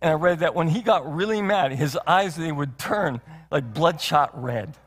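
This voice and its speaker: In a church sanctuary with long hall reverb, a male pastor preaches a sermon in a fairly high, animated voice at a moderate pace. He is earnest, leaning on many rhetorical questions and repeated phrases.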